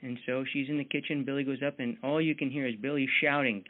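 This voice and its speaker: A man's voice: medium pitch, fairly even intonation, brisk. A man leading a motivational team mentoring call in a folksy, chatty manner, full of fillers, heard over tinny call audio.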